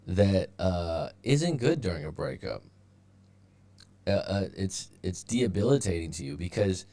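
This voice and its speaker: A man's voice: sits low, creaky, darkish tone. A man hosting a live stream as a breakup coach, talking casually with lots of fillers and restarts, his audio turning robotic at times. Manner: rambling, with many fillers and restarts.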